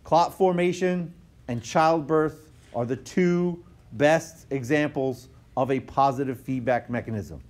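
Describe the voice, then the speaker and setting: A man's voice: medium pitch, a little slow, a little mellow. A male instructor giving a recorded whiteboard lecture in a conversational way, often checking in with "okay?" and correcting himself mid-phrase. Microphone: tablet microphone.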